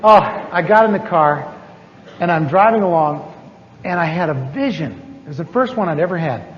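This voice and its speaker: A preacher telling a personal testimony in a sermon, animated and chuckling, repeating his words for effect. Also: a little high, moderate pace. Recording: dull lo-fi audio with long hall reverb.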